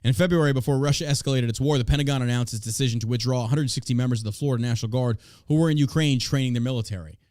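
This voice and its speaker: A man's voice: medium pitch, very fast, few pauses, a little mellow, no echo, studio quality. A man hosting a podcast, reading news aloud and ranting about it in a blunt, profane, way. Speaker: podcast host. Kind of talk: casual podcast commentary.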